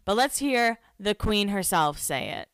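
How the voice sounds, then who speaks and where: A woman's voice: medium pitch, animated, a little slow, heavy background noise. A woman hosting a casual recap podcast, chatty and self-deprecating, with lots of "like" fillers. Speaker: podcast host recapping a reality show. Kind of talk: casual chat.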